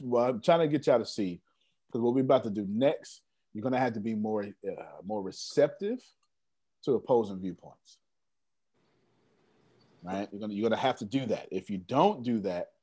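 A man hosting a team meeting over a video call, his pitch rising and falling freely as he talks. He speaks in a loose, slangy way, teasing his listeners and repeating phrases for emphasis. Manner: animated, slangy, teasing and repetitive. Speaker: host leading an online team meeting. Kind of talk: casual motivational team call.

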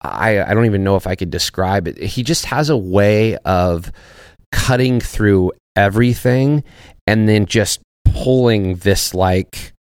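Brief: very low male voice, easygoing and profane guest, dry close mic. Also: a little slow, darkish tone, clear, resonant tone, no room sound. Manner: laid-back and profane, searching for words. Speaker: podcast guest, actor and former soldier. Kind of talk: casual podcast chat.

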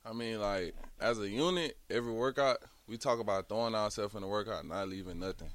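A man's voice: lowish voice, a little fast, a bit bright, no echo. A college football player, a man, earnestly describing his work ethic in a radio interview.

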